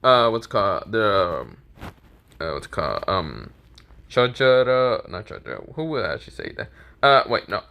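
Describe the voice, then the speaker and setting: Rambling, bright-voiced male storyteller. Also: fairly low pitch, very animated, moderate pace, vocal fry. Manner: rambling, stops for lost words, laughs at own jokes. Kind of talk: casual fan-fiction storytelling.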